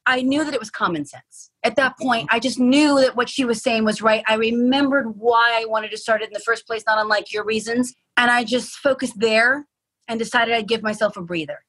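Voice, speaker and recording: A woman podcast host talking openly about her own anxiety, reflective and quick to laugh. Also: on the high side, fairly even intonation, fairly bright tone, husky, low-quality recording. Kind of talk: casual interview chat.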